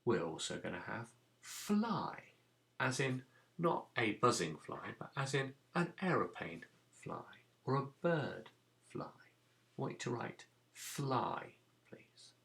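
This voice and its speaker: A man's voice: medium pitch, very animated, slow pace, vocal fry, fairly bright tone. A man teaching a recorded phonics lesson to young children, patiently sounding out letters and giving simple instructions. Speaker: primary school teacher.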